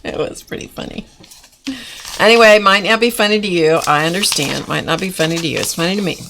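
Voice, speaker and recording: A woman with a lowish voice hosts a casual art journaling live stream. She chats loosely and giggles often, rambling as she works. A faint hiss sits under her voice. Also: fast talker, gravelly, a bit bright. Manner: chatty and giggly, rambling while working.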